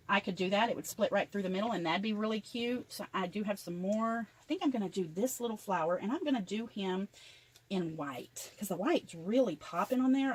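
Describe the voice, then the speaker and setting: A woman's voice: medium pitch, husky, rough recording. An older woman chattily narrating each step of a craft tutorial as she works. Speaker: craft vlogger.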